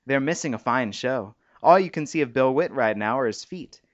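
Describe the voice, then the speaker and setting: A man's voice: medium pitch, expressive, moderate pace, no room sound, highs cut off, natural voice. A man voicing a joking young husband with a dry, teasing wit, close to his own voice.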